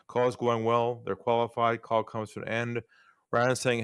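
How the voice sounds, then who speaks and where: With a clear, resonant, mid-range voice at normal speed, this man guests on a podcast as a sales trainer, telling stories and animatedly acting out the dialogue. It's studio quality with no room sound.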